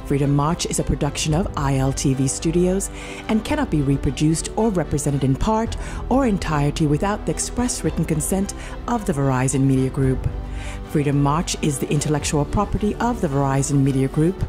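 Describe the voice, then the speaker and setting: Low-voiced woman announcer over music. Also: animated. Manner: formal, measured reading. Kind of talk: scripted broadcast disclaimer.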